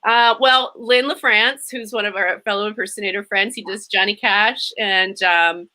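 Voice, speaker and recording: A woman's voice: medium pitch, normal speed. A Canadian woman with a Canadian accent, chatting casually and animatedly on a live show. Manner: chatty, animated, laughs often. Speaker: tribute performer. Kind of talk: casual chat. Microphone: home setup.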